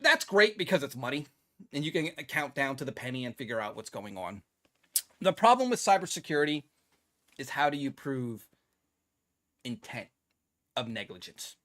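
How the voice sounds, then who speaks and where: A man's voice: medium pitch, big pitch swings, moderate pace, pauses often, bright, forceful tone. A man hosting a casual tech news podcast, sarcastic and laughing often as he comments. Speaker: podcast host.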